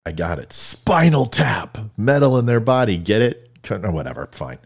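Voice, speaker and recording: A Californian man hosts a loose monologue for viewers, rambling on and cracking jokes at his own expense. His voice is fairly low, creaky and husky, with big swings in pitch and a moderate pace.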